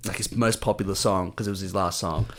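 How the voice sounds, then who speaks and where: A man's voice: low voice, quick pace. A young man with an Australian accent chats loosely with a friend on a podcast. He tells stories with lots of fillers and acts out what people said. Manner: animated storyteller, acts out quotes. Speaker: podcast co-host. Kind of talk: casual chat.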